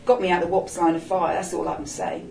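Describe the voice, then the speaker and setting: A woman's voice: lowish voice, level tone, fast, gravelly, mellow. A woman voicing a streetwise older man, cheeky, coaxing and full of slang, in a storybook reading. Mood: rueful. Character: streetwise older gay man, wry and bossy. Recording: roomy echo, distant mic.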